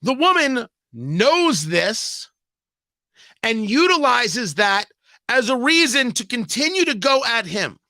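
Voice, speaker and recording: A man's voice: very high voice, sing-song, slow pace, bright, forceful tone, no echo. A man hosting a radio talk show, delivering an emphatic, sarcastic political monologue full of rhetorical questions and repetition, on a close studio microphone.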